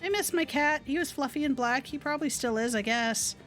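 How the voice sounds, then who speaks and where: A woman voicing a glum, listless little girl, talking in a flat, mumbling way. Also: high-pitched, fairly quick, faint music behind.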